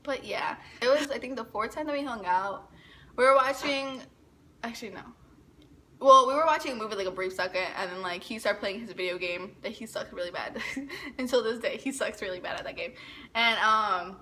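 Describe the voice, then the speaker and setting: Young woman, casual storytime vlogger, bright tone, giggly and nervous, swears, acts out her reactions. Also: a little high, a little fast. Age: young adult.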